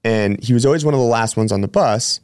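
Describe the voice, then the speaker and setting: Speaking fast, a male podcast host who is a personal trainer tells rambling, chatty stories, correcting himself often in a casual storytelling style. His mid-range voice is a little mellow and clean in tone. The recording is dry and studio quality.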